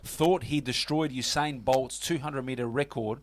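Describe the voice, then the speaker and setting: A man's voice: medium pitch, measured pace, no room sound. A man with an Australian accent hosting a casual sports radio show, chatty and full of fillers. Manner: chatty, lots of fillers and "mate".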